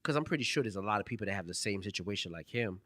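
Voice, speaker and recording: A man co-hosting a casual podcast chat, animated and teasing, dropping into low emphatic tones to make his point. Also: rapid-fire, dry recording, studio quality. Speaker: podcast co-host.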